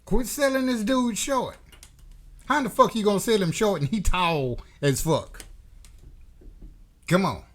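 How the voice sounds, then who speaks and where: Blunt, profane man ranting slowly. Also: sits high, lively intonation, fairly bright tone. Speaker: boxing commentary channel host. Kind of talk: unscripted opinion rant.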